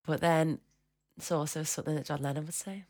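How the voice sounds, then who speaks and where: A woman's voice: sits low, steady tone, brisk, a little mellow. A woman on a casual podcast, giggling and musing aloud over quiz answers. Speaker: podcast co-host and quiz contestant. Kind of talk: casual chat.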